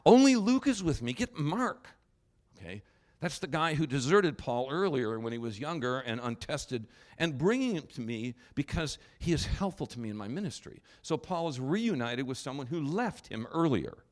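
A man's voice: medium pitch, lively intonation, moderate pace. Wry conversational male preacher. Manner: conversational and wry, with restarts and asides. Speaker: pastor. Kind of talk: sermon.

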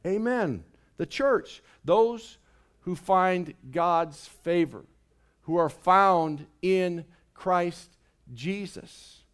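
High-voiced animated man preaching. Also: drawn-out words, smooth. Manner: animated, calls and responses with the congregation. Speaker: pastor. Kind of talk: sermon. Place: church sanctuary.

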